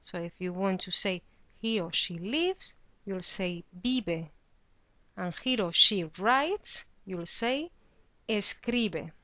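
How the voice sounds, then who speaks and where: A woman's voice: mid-range voice, fairly bright tone, dry recording. A woman teaching a beginner lesson, explaining patiently and saying the example words with careful pronunciation. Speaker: Spanish teacher. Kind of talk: slow, clear teaching explanation.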